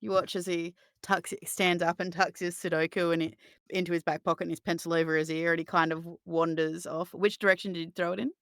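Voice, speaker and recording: A woman narrating a tabletop game as game master, playful and quick to laugh. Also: on the low side, flat delivery, fairly bright tone, no room sound, studio quality.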